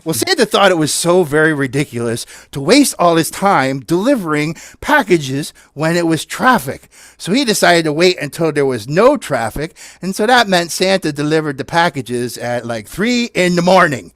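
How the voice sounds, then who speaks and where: A man's voice: a little high, moderate pace, few pauses, no room sound, clean studio sound. A man hosting a playful Zoom puppet show, telling silly stories and leading a children's sing-along with jokey asides. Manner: jokey and animated, chatty asides to the audience. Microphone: video call.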